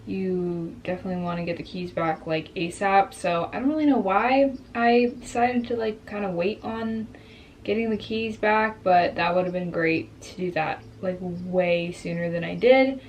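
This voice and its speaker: A woman's voice: lowish voice, normal speed, slight background noise. A woman in her twenties telling a personal story in a candid vlog, reflective and openly emotional. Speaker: vlogger.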